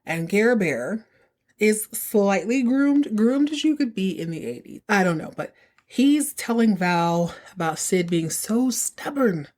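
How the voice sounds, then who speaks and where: A woman hosting a podcast, recapping episodes in a chatty, sassy way with quick asides. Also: mid-range voice, animated, darkish tone. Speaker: podcast host.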